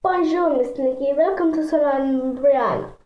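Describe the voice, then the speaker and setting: A woman voicing a six-year-old girl who pretends to be a diva hairstylist, speaking with a fake French accent in a shrill, gushing way. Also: measured pace, reverberant, highs cut off. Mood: coaxing.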